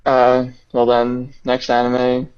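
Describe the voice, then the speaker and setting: A man's voice: mid-range voice, monotone, slow pace, clear, resonant tone, lo-fi sound. A young man co-hosting a casual podcast, earnest and hesitant with many fillers. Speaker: podcast co-host.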